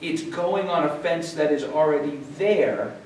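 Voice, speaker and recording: A man on a zoning board speaking at a public hearing, measured and halting, with frequent restarts. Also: on the high side, animated, a little mellow. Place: town meeting room. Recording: echoey room from far off, faint hiss.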